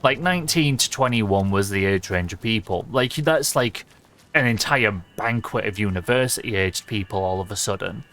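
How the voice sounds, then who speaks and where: A man's voice: fairly low pitch, moderate pace, a bit bright. A young man streaming a game, chatting casually in a rambling, sweary way and laughing often. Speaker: livestreamer.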